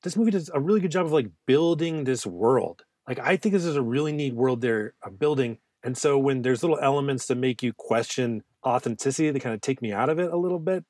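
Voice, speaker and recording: A man co-hosts a movie podcast, riffing with animated, profane jokes and quick asides. His mid-pitched voice is close-miked and dry, with no room around it. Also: no echo. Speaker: podcast co-host. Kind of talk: casual movie-review chat.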